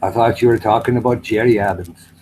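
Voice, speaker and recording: A man's voice: lowish voice, fairly even intonation, darkish tone, slight background noise, rough recording. A man from Canada in a rambling, casual chat, swearing and teasing as he talks. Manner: rambling, swearing, quick to tease. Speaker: chat participant.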